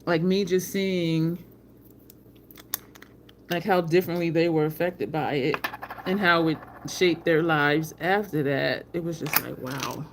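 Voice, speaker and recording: A woman hosting a relaxed live chat from home. She tells rambling stories and speaks straight to her viewers in a loose, conversational way. Faint street traffic drifts in through an open balcony window. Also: low voice, a little slow. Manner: rambling storyteller, addresses chat as y'all, frequent laughs. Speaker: livestream host. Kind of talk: casual live chat, answering viewer comments.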